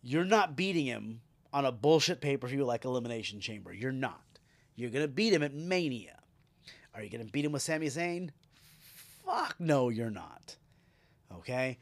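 A man hosting a podcast, recapping a wrestling show in a casual, animated and profane way, laughing as he retells it. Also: mid-range voice, moderate pace, creaky. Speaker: podcast host.

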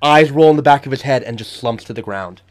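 A man's voice: medium pitch, quick pace. A man running a tabletop game as game master, narrating the action vividly and chatting with frequent fillers.

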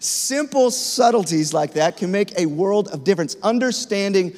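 A man's voice: high-pitched, lively intonation, moderate pace, darkish tone. A man in his thirties preaching a sermon to his congregation in a conversational, storytelling way. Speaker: pastor. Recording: long reverb of a large hall.

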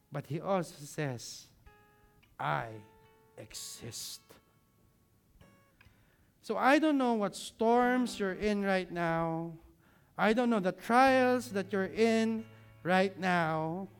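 Man, pastor, sermon, high voice, slow, drops low for emphasis, faint guitar behind. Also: smooth. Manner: leads the congregation in repeating words.

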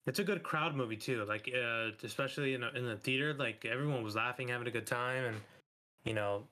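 A man's voice: mid-range voice, brisk, sharp tone. Laid-back man, casual movie chat. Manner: laid-back, laughs often, acts out quotes. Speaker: podcast co-host.

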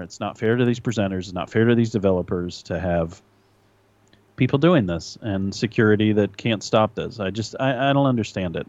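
A man's voice: on the low side, a little mellow, no echo, lo-fi sound. A man co-hosting a podcast in casual chat, talking earnestly and restarting often as he makes a point. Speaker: podcast co-host.

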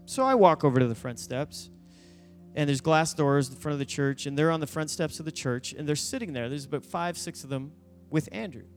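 A high-pitched man tells a story from the pulpit as a youth pastor, bringing each person in it to life. His voice carries a long reverb from a large church hall, and soft instrumental music plays underneath. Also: brisk. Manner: animated storyteller, acting out voices in quotes. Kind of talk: sermon storytelling.

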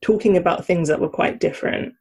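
A woman's voice: fairly low pitch, brisk, darkish tone, breathy edge. A woman from South London, reflecting in a casual chat. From Croydon, South London. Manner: reflective, laughs now and then.

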